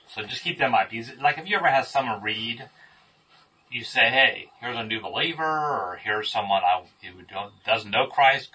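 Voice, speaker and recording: Bright, husky man leading a Bible study. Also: on the low side, far from the mic, low-quality recording. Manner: asks the group questions, praises answers. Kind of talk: interactive Bible study teaching.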